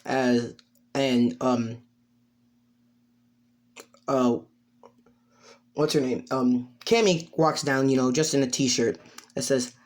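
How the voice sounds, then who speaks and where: A man's voice: mid-range voice, steady tone, slow, long pauses. A man narrating an improvised fan story, hesitant, full of fillers and self-corrections.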